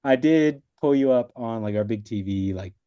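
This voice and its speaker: A guest on a video call, this adult man with a wife and young kids chats casually about passing his exam, rambling, overusing "like", and mimicking the people he quotes. He has a medium-pitched, clear, resonant voice at a normal speed. There's no room sound, though the audio is dull.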